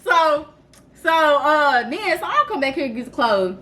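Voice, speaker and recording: A woman's voice: high voice, unhurried, a little hiss or hum. A woman in her twenties telling a storytime vlog story in a casual, laughing, dramatic way. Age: 20s. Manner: animated, laughing, self-described dramatic. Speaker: vlogger.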